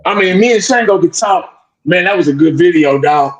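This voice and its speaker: A high-pitched man rants in blunt, heated sports talk, circling back over his points and tagging "man" onto his lines. His voice comes over a video call and rings out in an echoey room. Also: normal speed. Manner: blunt, repetitive, animated ranting with frequent "man".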